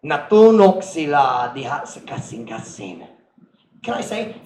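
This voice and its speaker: A middle-aged man preaching a sermon as pastor, animated, acting out voices and sound effects and mixing in Cebuano phrases. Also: a little high, a little slow. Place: church sanctuary. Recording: echoey church room with faint noise.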